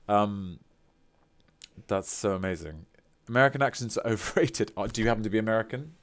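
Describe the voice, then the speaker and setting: A British man, a voice actor streaming a game, chatting excitedly with viewers and reading their messages aloud with playful theatrical outbursts. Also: fairly low pitch, brisk, long pauses. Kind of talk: live-stream chat with viewers.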